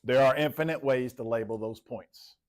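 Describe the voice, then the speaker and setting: A man teaches math to a classroom, talking through each step as he plots points on the board. He calls on students by name and checks whether they are keeping up. His voice sits at an ordinary male pitch. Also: moderate pace, a little mellow. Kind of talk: classroom lecture.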